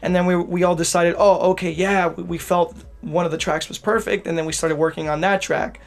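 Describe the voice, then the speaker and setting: A man who is a DJ producer co-hosts a podcast, rambling casually with lots of restarts and "right?" tags. His voice is on the high side, a little fast, with little pitch movement.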